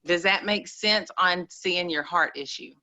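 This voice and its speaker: Bright-voiced woman coaching earnestly. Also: fairly low pitch, unhurried. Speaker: co-host, life coach. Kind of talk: spiritual coaching talk.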